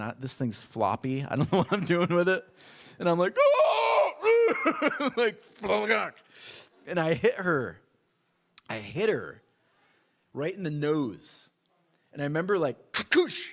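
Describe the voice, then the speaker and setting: In church, a male pastor with a mid-range voice tells a personal story during his sermon. He acts out voices from his childhood with lively animation.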